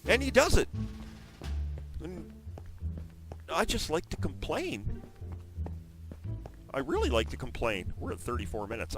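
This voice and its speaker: A man giving chatty, excitable commentary on his own video game session, breaking into loud exclamations now and then. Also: medium pitch, a little slow, long pauses. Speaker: gaming video host. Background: background music.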